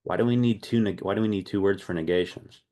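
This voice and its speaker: A man leading an online language class, lively and thinking aloud, often repeating himself. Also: lowish voice, quick pace. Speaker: language teacher.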